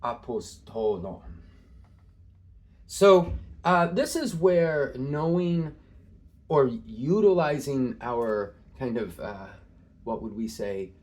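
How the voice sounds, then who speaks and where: A man teaching an informal screen-share lesson in a relaxed way, with many filler sounds, slowing down to stress key terms. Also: medium pitch.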